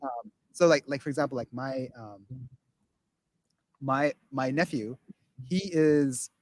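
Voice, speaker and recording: A man's voice: medium pitch, slow, no room sound. A man talking casually on a podcast, rambling with many restarts and acting out quotes of other people. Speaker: guest.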